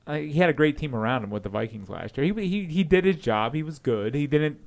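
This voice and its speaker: A man's voice: on the high side, animated, brisk, gravelly, darkish tone. A man co-hosting a podcast, chatting about sports, often repeating words and trailing off. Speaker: podcast co-host. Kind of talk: casual sports chat.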